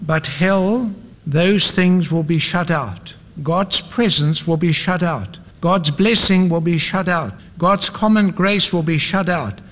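A man's voice: high voice, a bit bright, long reverb tail. A man preaching an evangelistic sermon, emphatic and building his points through repeated refrains.

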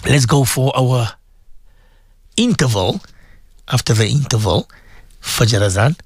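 A man's voice: expressive, takes it slowly, slightly rough, no echo, studio quality. A man hosting a radio dua session as a Muslim cleric, praying fervently and tearfully with repeated pleas. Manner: fervent, repetitive, tearful pleading with sudden high cries. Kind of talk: impassioned radio supplication.

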